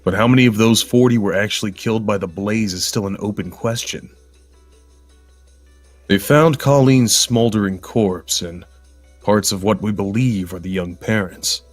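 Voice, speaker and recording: A man's voice: on the low side, moderate pace, dry recording, soft background music. A man reading a horror story aloud in a grim, bitter, world-weary voice, then chatting casually with his co-hosts. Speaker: guest storyteller.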